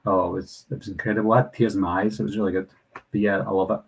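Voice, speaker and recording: This young man from Glasgow, Scotland, hosts a casual live Q&A, responding to viewer comments chattily and apologetically. His low, gravelly voice has a breathy edge and little pitch movement, and he talks fast over a rough recording.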